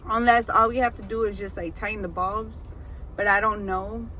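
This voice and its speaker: A woman who braids hair, telling a story in a casual, animated way with lots of fillers. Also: mid-range voice, normal speed, slight background noise, low-quality recording. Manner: animated, chatty, many fillers. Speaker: hairbraider and food vlogger. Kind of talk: casual storytelling while eating.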